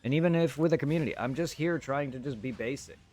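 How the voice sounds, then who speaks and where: A male streamer talks into his desk mic to his live chat. He vents, blunt and frustrated, his voice sitting at a middling pitch. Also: fast, a little mellow, soft background music. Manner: frustrated, venting.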